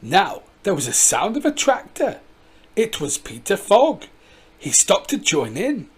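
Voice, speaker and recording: A reader narrating a children's story aloud in an expressive way. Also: mid-range voice, measured pace, husky.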